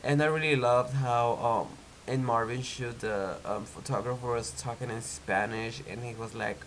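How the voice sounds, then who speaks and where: A man's voice: medium pitch, steady tone, normal speed, few pauses, fairly bright tone, a little hiss or hum, low-quality recording. A young man with a stuffy nose from a cold, recapping a reality show in a chatty, opinionated way, with lots of "like". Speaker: TV recap vlogger.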